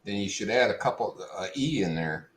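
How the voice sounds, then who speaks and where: A man's voice: fairly low pitch, expressive, a little fast. A man joking around in a casual group chat. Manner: joking, wisecracking.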